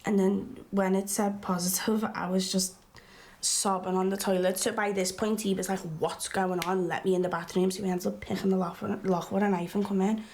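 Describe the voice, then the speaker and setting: A woman's voice: mid-range voice, level tone, fairly quick, a little mellow, a little hiss or hum, close to an everyday voice. An actress playing a blunt, strong-willed young woman who tells her story in chatty, colloquial speech for a verbatim theatre film. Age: young adult. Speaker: interviewee recalling her past.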